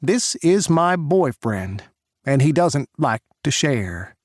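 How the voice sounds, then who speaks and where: Playfully voicing an easygoing young man with a Southern American cowboy twang, a performer uses a full character voice pitched above his own. The delivery is on the high side, sing-song and slow, recorded dry with clean studio sound.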